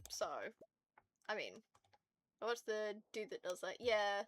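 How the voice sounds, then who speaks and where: A woman streaming to her viewers in casual chat, ranting in an animated and profane way. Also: medium pitch, takes it slowly, slight background noise.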